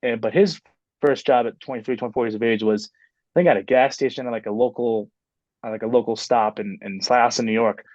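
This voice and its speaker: A man's voice: medium pitch, steady tone, brisk, darkish tone, no room sound, muffled recording. A man in his twenties, a basketball coach, chatting casually as a podcast guest and rambling with many fillers and restarts. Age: 20s. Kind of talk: casual interview chat.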